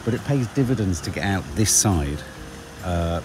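A man's voice: low-pitched, lively intonation, moderate pace, background noise. Cheeky middle-aged man on a coastal walk. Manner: cheeky, playful, teasing. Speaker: vlogger. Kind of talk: casual chat on a walk. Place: outdoors on a windy coastal path.

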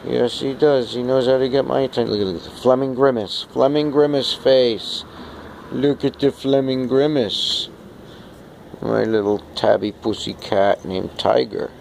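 Gravelly man cooing at his cat. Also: medium pitch, fairly even intonation, moderate pace, darkish tone, slight background noise. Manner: coaxing, sing-song baby talk to the cat. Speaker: cat owner filming his pet. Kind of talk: casual home video talking to his cat. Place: outdoor terrace in the rain. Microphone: handheld camera.

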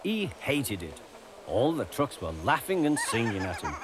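A man narrating a children's cartoon story in a gentle, expressive way. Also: medium pitch, moderate pace, heavy background noise. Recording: narration over music bed.

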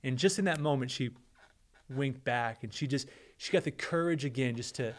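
Middle-aged male pastor, earnest preaching voice, mid pitch, repeats his words. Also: moderate pace. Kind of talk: sermon with prayer.

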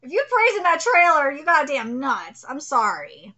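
High, bright-voiced woman reacting casually. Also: moderate pace, lo-fi sound. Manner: profane, excitable, blunt. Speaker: manga reaction streamer. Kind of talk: casual live reading reaction.

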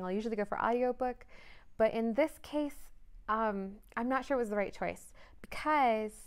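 Young woman book vlogger, casual and chatty, hedges often; smooth, clear tone at a mid pitch. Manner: chatty, thinking aloud with frequent hedges. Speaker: book reviewer. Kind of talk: casual vlog chat.

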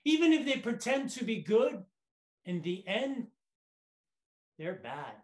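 A man's voice: very high-pitched, sing-song, slow, echoey room, full character voice. A man quoting his wise, caring elderly grandmother as she gives stern advice, in a contest speech. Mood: warning.

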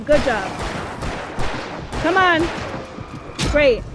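A young woman giving let's play commentary on a horror game, exasperated and complaining, shouting at her character. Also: very high-pitched, lively intonation, slow pace, pauses often, music in the background. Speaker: gamer playing a horror game.

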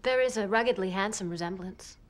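A woman's voice: mid-range voice, a little fast, natural voice. An actress playing a blunt, indignant young woman in a TV drama. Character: blunt, touchy young woman, newly engaged.

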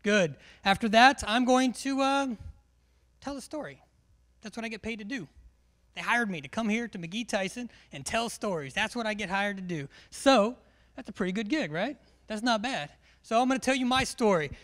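This is a man teaching a large military class, and his pitch sits notably high for a male voice. The briefing is humorous: he jokes, teases, and keeps quizzing the crowd with plenty of energy.

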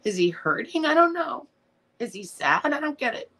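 Reading and responding to viewer comments on her casual livestream, a middle-aged woman is blunt, emotional and full of swearing, sometimes tearful. Her voice sits high and fairly bright, with big pitch swings at a moderate pace.

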